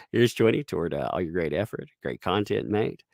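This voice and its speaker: A man's voice: low voice, big pitch swings, moderate pace, vocal fry, darkish tone, dry recording, studio quality. A man with a Southern US accent, chatting casually on a live stream, rambling with restarts and frequent chuckles as he reads viewer tips.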